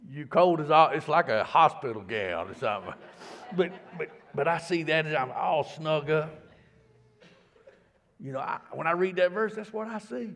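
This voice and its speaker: Folksy preacher, rising voice. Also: male voice, on the high side, expressive, normal speed, vocal fry. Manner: folksy, repeats words, swings from hushed to loud. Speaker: pastor. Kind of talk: sermon.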